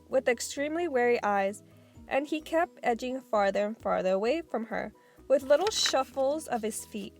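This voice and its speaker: A woman narrating an audiobook of a children's novel, reading plainly with small slips. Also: a little high.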